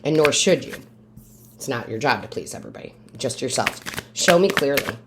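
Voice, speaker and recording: A woman reading tarot cards for her viewers. She talks in an emphatic, coaching way, often checks in with "right?", and asks the cards for messages in quiet asides. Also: rumbling low, fairly quick, slight background noise. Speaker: tarot reader and medium.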